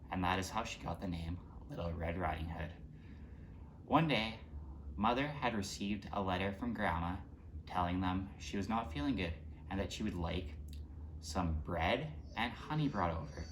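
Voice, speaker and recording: A man retelling a fairy tale in a relaxed, informal way with small restarts. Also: low voice, slight background noise. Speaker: storyteller. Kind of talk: casual storytelling.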